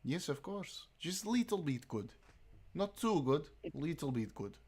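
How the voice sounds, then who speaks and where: A man's voice: medium pitch, unhurried, natural voice. A man speaking in a put-on Russian accent with playful broken English.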